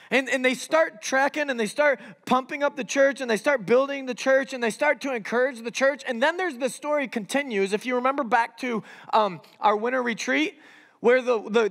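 A young man preaching to a youth group in a casual, animated way, peppered with "like" and "right?". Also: very high voice, long reverb tail. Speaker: youth pastor. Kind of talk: sermon.

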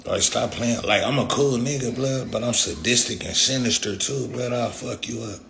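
This livestream rant comes from a rapper, an adult with young kids, speaking in a profane, confrontational way. The voice is medium-pitched and creaky at a moderate pace, and there's background noise.

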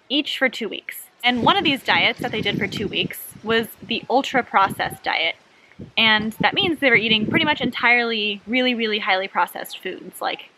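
Bright, upbeat woman explaining science. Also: medium pitch, a little hiss or hum, rough recording. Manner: fast talker, animated and enthusiastic. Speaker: PhD researcher explaining a study. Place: outdoors, lying in a hammock.

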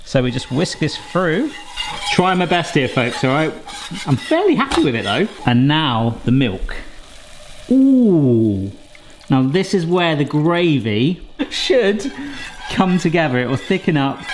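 A British man talks through his cooking, animated and chatty, his voice leaping up and down as he tastes and reacts. His pitch sits a little high for a man. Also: a little slow, slight background noise. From Britain. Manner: enthusiastic, chatty, exclamatory while tasting. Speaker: cooking vlogger. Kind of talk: casual cooking vlog.

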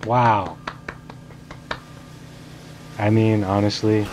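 A young man casually commentating his video game playthrough, swearing freely, laughing often and bursting into excited outbursts. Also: lowish voice, slow pace, long pauses, noisy background. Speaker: gaming streamer. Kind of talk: casual let's play commentary.

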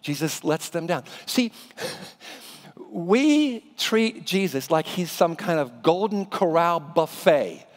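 Animated male pastor preaching in a hall. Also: takes it slowly. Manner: animated, drops to a hushed low voice for emphasis. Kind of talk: sermon. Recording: reverberant church hall.

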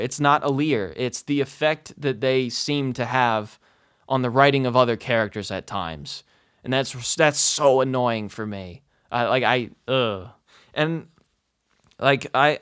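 In a dry, studio-quality recording, a game reviewer with a medium-pitched, slightly bright and clean voice rants casually about a video game. Swearing is frequent, "like" and "you know" crop up constantly, and he often laughs in asides.

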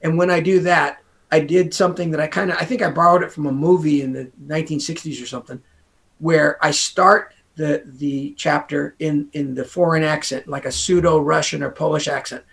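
A man's voice: on the high side, fairly even intonation, a little fast, creaky, fairly bright tone. An American man, a guest author, talking casually in an interview in a rambling way, full of asides. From United States.

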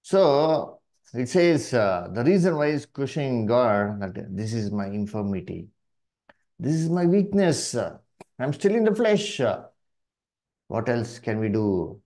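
A man with an Indian English accent teaching a Bible study in a sermon style, speaking haltingly with many fillers and calling the listeners "dear brethren". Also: mid-range voice, lively intonation, dark tone. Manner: slow, halting delivery with many "uh" and "you see" fillers.

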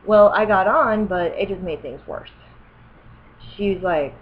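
A woman's voice: mid-range voice, measured pace, lo-fi sound, a little hiss or hum. A woman in her thirties telling a personal story as a vlogger, rambling, correcting herself and growing indignant. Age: 30s.

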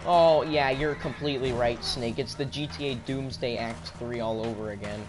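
A man's voice: medium pitch, fairly even intonation, moderate pace, hardly any pauses, over music. A man giving live gameplay commentary, ranting in frustration and answering chat.

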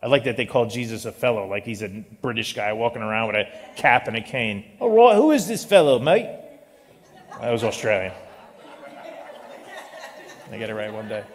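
A male pastor preaching a sermon in an animated style, with joking asides. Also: on the low side, fairly quick, pauses often. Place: church sanctuary. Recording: long reverb of a large hall.

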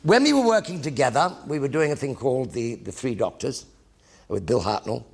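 Gravelly older English raconteur. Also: male voice, medium pitch, fairly quick. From England. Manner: lively raconteur, acting out quoted colleagues. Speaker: actor telling career stories on stage. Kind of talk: anecdotal one-man stage show.

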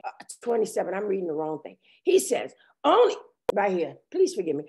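A woman preaching a sermon, tearful and impassioned, crying out at the peaks and reading scripture slowly. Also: on the low side, big pitch swings. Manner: impassioned, cries out and shouts while preaching, reads scripture slowly.

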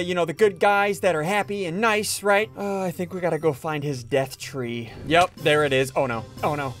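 A man hosting a gaming video, narrating his own moves in an excitable way and yelping or shouting when things go wrong. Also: high-pitched. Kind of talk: Minecraft let's-play commentary.

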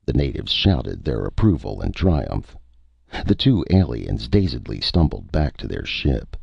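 A man reads a science fiction story aloud with a very deep, dark, gravelly voice. His pitch moves in a lively way across each sentence. The recording is dry and slightly muffled. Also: a little slow, dry recording. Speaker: narrator. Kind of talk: audiobook story reading.

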